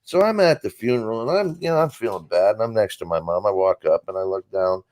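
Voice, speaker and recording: A man with a lowish voice spins a long, rambling joke story, cursing freely and piling on asides. The sound is dry and close, with little room around it. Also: quick pace, no echo. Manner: rambling, profane, animated storyteller. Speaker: guest comedian. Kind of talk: casual comedic storytelling.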